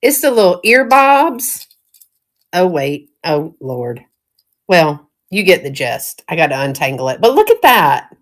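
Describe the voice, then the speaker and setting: Showing thrifted jewelry on a casual live stream, a middle-aged woman with a Southern US accent talks in a folksy way and giggles often. Her voice sits on the low side, with a sing-song lilt and a measured pace.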